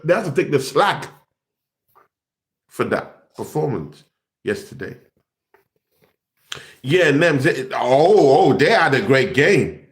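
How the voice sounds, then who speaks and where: A man's voice: fairly high pitch, a bit bright. A young man, host of a football fan channel, ranting in exasperation and repeating himself. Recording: echoey room.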